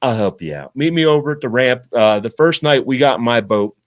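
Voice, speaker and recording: A middle-aged man chatting as a podcast guest, relaxed and easygoing as he tells fishing stories. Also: medium pitch, a little fast. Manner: relaxed, easygoing, drifts quieter when winding down. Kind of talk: casual storytelling chat.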